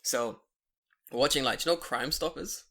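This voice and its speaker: A man's voice: medium pitch, normal speed, pushed and bright. A young man, co-hosting a podcast and telling stories animatedly in casual chat, swearing freely and laughing often. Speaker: podcast co-host.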